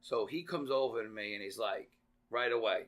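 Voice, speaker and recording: A man guest on a podcast telling lively stories in casual chat, swearing freely and acting out the people in them. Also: fairly low pitch, normal speed. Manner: animated, swears freely, acts out voices. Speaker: podcast guest, real estate veteran. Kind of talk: casual storytelling.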